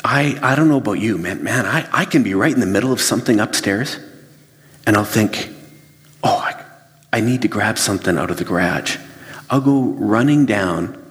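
A pastor giving a sermon, telling everyday stories with lively acted-out asides. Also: male voice, fairly low pitch, normal speed. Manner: animated storytelling, acts out his own flustered inner voice. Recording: long reverb of a large hall.

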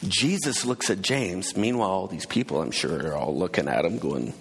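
Gravelly man preaching in a reverberant hall. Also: low voice, lively intonation, moderate pace. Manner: casual, hesitant retelling with asides. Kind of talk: conversational sermon storytelling.

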